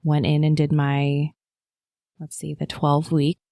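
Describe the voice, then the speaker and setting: A woman in her thirties, a podcast guest, chatting casually and telling her story with lots of fillers and animated asides. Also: takes it slowly, gravelly, no echo. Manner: animated storyteller, acts out quotes in a high voice, many fillers. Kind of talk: casual chat.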